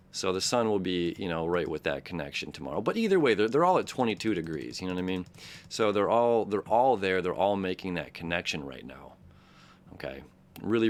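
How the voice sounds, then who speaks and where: A man hosting an astrology talk, loose and conversational, full of fillers and restarts, often checking in with "right?" and "okay?". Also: low-pitched. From Detroit, Michigan area. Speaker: astrology channel host. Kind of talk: casual rambling commentary.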